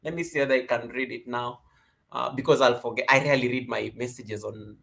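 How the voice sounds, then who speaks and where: A man hosting a casual live stream from home, greeting viewers by name with lively energy. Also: medium pitch, brisk, gravelly. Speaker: livestream host.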